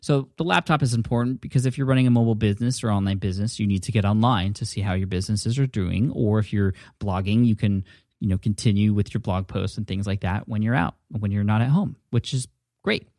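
A man's voice: on the low side, fast talker, a little mellow, dry recording. A man hosting a podcast in casual, upbeat chat, recorded at home on a desk microphone. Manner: upbeat, chatty. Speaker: podcast host. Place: home office. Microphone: studio dynamic mic at a desk. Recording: dry close-mic studio sound.

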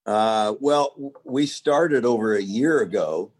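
A man talks as a guest on a podcast through his phone on a video call. He chuckles often and keeps a relaxed, self-deprecating tone. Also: medium pitch, slow. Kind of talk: casual podcast chat. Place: home without power.

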